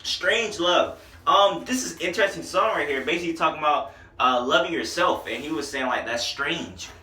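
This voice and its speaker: A music reviewer gives a casual, animated album review, slangy and excited about the lyrics. His voice is a little high at normal speed, and the recording sounds roomy and distant.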